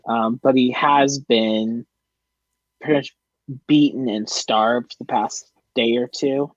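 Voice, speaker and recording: A man's voice: medium pitch, steady tone, slow, no echo. A young man narrating as dungeon master, hesitant and full of fillers. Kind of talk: narrating a tabletop game. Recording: dull lo-fi audio.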